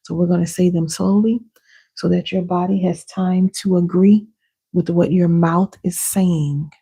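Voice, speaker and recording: An inner healing coach leads a live session, guiding viewers casually and directly through slow affirmations and deep breaths. Her voice is steady, mellow and gravelly, with a slightly rough texture.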